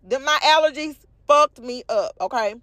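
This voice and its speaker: A young woman, congested from allergies, telling a profane, animated story to her viewers and calling them y'all. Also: high-pitched, moderate pace, no echo. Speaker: vlog host. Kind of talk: casual storytelling rant.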